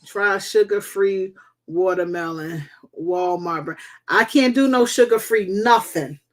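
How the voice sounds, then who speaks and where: A woman's voice: medium pitch, a little slow. A woman hosting a loose live chat with viewers. She swears freely, talks bluntly, and hands out advice like a mother would, in an ordinary mid-range voice. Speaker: host.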